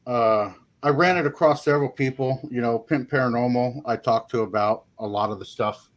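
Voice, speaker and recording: A man of medium pitch talks as a guest paranormal investigator in a relaxed interview, rambling folksily and using "you know" to fill his pauses.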